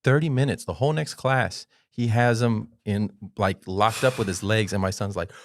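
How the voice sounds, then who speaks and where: A man's voice: on the low side, moderate pace. A middle-aged man hosting a podcast, telling stories and acting out the quotes with lots of swearing. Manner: animated storyteller, acts out quotes, swears. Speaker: podcast host. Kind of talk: casual podcast storytelling.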